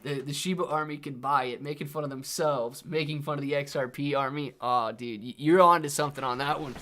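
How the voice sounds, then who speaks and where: A man's voice: on the high side, fairly even intonation, a little fast, fairly bright tone. Laid-back young man calling everyone dude. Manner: laid-back, says "dude" and "man" constantly, reads chat aloud. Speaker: livestream host. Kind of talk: casual live stream chat.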